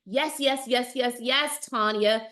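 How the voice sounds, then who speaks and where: A woman with a high, bright voice hosts a casual live stream as a dating coach. She answers viewer comments with emphatic enthusiasm and repeats her phrases again and again. Her voice sounds forceful and energetic. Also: slow.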